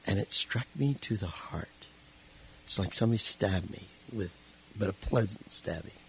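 A man being interviewed who tells his life story in a casual, animated way and acts out the voices in it. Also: fairly low pitch, normal speed, vocal fry, slight background noise, rough recording. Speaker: interview guest.

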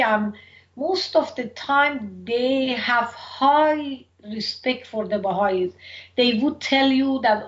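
A middle-aged woman from Iran with a thick Persian accent, speaking slowly and earnestly as an interview guest. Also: on the high side. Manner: slow, thoughtful and earnest. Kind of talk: personal interview. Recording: dull lo-fi recording.

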